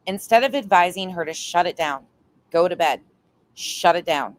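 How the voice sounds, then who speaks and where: A woman's voice: fairly low pitch, expressive, moderate pace. A woman doing live stream commentary, blunt and exasperated, swearing freely.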